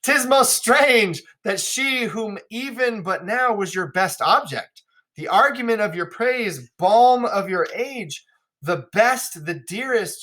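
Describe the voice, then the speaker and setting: Noble young king read by a teacher, earnest and measured, bright tone. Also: sits high, pitched above the performer's own voice, heavily acted. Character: noble young male king, astonished suitor. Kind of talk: classroom read-aloud.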